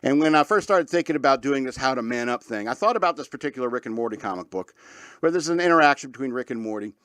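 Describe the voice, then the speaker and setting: A man's voice: mid-range voice, animated, fast talker, fairly bright tone, no room sound, clean studio sound. A man hosting a talk radio show, rambling in a casual monologue with lots of fillers and frequent laughs.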